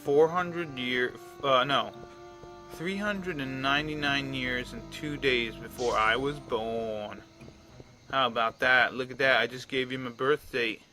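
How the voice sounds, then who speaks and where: Brief: a chatty man around thirty narrating his own gameplay, bright tense tone, faint music underneath. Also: medium pitch, a little slow. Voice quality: rambling, chatty, frequent restarts. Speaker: let's play commentator. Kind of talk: casual game commentary.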